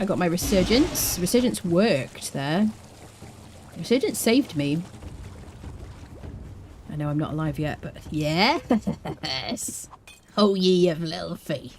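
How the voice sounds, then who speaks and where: Woman game streamer, animated pitch, playful banter with chat, faint hiss behind. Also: takes it slowly, long pauses. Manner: chatty, laughs often, playful asides to chat. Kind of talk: live game commentary.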